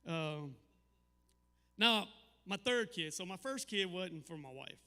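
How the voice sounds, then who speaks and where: Bright-voiced comic in a hall. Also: male voice, high voice, slow. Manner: deadpan storytelling with crude punchlines. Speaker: stand-up comedian. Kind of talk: stand-up comedy set. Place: live comedy venue.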